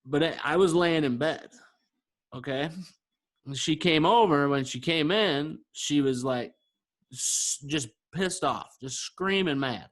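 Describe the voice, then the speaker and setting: A slow-talking man whose voice leans high tells a story from his life as a podcast co-host. The chat is laid-back, and he acts out each quoted line like an animated storyteller.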